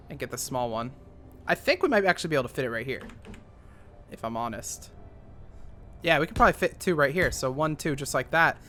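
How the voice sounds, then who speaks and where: A man's voice: on the high side, pushed and bright. A young man giving casual, rambling commentary while playing a game, thinking aloud with lots of fillers. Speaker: gaming YouTuber.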